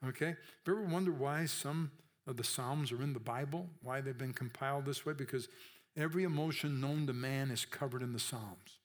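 A man's voice: medium pitch, fairly quick. A man preaching a sermon in a conversational way, often checking in with his listeners and acting out the voices he quotes.

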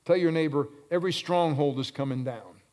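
A man with a fairly high voice preaches with fervor. He swells to loud, drawn-out calls and drops to hushed low phrases, hammering key words over and over. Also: noisy background. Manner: repeats phrases for emphasis. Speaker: pastor. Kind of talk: sermon.

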